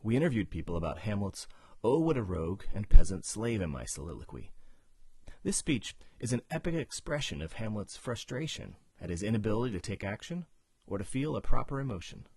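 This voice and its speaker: A man reads a measured, scripted introduction. His voice is lowish and husky. The recording is dry, with no room sound. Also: sing-song, a little mellow, dry recording. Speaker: narrator. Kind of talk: scripted narration.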